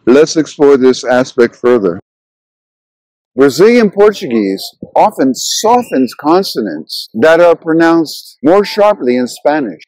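A man hosting a language channel, narrating a scripted lesson in an explanatory way and slowing down to sound out example words. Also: on the high side, a little mellow, no echo, rough recording.

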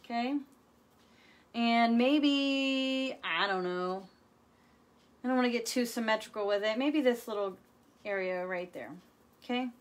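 A woman's voice: on the high side, measured pace, long pauses. A woman hosting a live furniture painting demonstration, chatty and playful as she talks viewers through each step.

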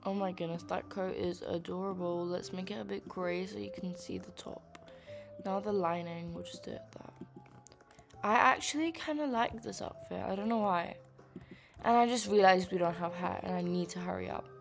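A young woman chatting casually while she plays a dress-up game, with many fillers and quiet murmured asides. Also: lowish voice, moderate pace, gravelly, over music. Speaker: gaming vlogger. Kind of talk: casual gameplay commentary.

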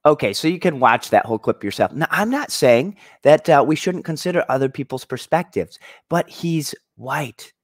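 A man's voice: a little high, lively intonation, fairly quick, hardly any pauses, no echo, studio quality. A man hosting an opinion commentary vlog, talking in an emphatic, argumentative way. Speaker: commentary channel host.

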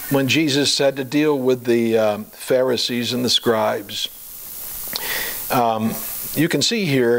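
A man preaching a sermon, chatty and full of fillers and rhetorical questions, slowing down to a deliberate cadence for scripture readings. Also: medium pitch, low-quality recording. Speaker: pastor.

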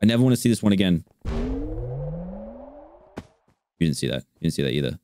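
A man's voice: low voice, sing-song, a little fast. A man giving live commentary on his own gameplay, bursting out in exasperated, self-mocking remarks. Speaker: streamer. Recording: audible background noise.

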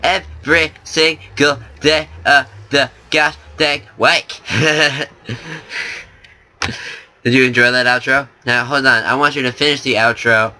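Young male gaming host, very bright voice, excitable, joking, casual commentary. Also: mid-range voice.

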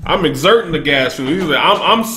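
Excitable high-voiced man reacting, echoey room. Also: a little fast, music in the background. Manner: excitable, keeps interrupting with "hold up"; bursts into laughter and shouts. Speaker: music reaction host. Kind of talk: casual reaction commentary.

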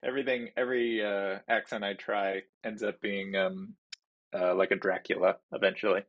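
A man's voice: lowish voice, flat delivery, normal speed, muffled recording. A man hosting a casual home food review vlog from his basement, rambling and poking fun at himself with lots of fillers. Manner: rambling and self-deprecating, many fillers.

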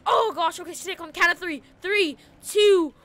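A woman commentating a police chase in a game, frantic and panicky, often shouting and repeating herself. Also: very high-pitched, normal speed. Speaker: gaming video creator.

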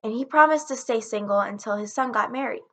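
A woman narrating a folktale in a steady, plain storytelling manner. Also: on the high side, a little fast.

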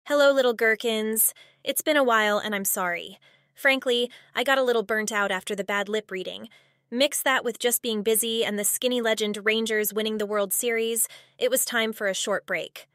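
A woman hosting a commentary channel, narrating with snarky, deadpan sarcasm. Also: on the high side, normal speed, clear, resonant tone, no room sound, studio quality.

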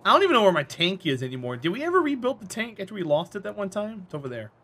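A man's voice: high voice, big pitch swings, racing, sharp tone. A man with a North Carolina Southern accent, chatting and teasing viewers playfully while live-streaming a game. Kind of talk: live-streamed gameplay chat.

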